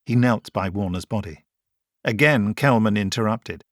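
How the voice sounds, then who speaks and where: A man reading an audiobook in scripted narration, measured and even. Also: on the low side, dry recording, studio quality.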